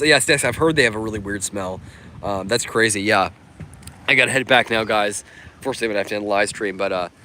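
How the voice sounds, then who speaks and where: A man's voice: fairly low pitch, pushed and bright, slight background noise. A man hosting a casual outdoor livestream, answering viewer comments in an upbeat, chatty way with plenty of fillers. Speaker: livestream host. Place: outdoors on a sunny coast.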